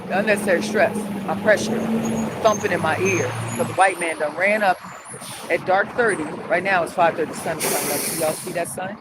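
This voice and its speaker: A middle-aged woman with a New Orleans accent rants heatedly and profanely on a phone-filmed live stream from a city street at dawn, her voice low-ish and a little quick. She works as a street vlogger, swinging into animated storytelling and sing-song chanting. Loud traffic roars in the background.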